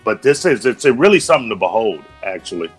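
A man co-hosting a radio show, reading a news item in a measured way and chatting. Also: fairly low pitch, very animated, slightly rough, soft background music. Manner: measured news reader, brief agreeing interjections. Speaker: radio co-host. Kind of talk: reading news and casual chat.

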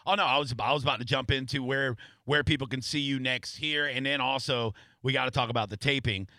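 A man's voice: mid-range voice, steady tone, fast talker, pushed and bright, no echo, studio quality. A man hosting a radio show, chatting casually and telling long rambling stories with lots of restarts. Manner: rambling storyteller, many restarts and fillers. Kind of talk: casual radio interview chat.

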